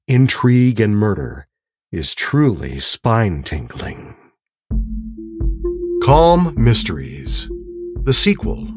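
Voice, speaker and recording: A man guiding slow breathing in a soothing way, then reading a mystery as a calm bedtime story. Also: on the low side. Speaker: narrator and relaxation guide.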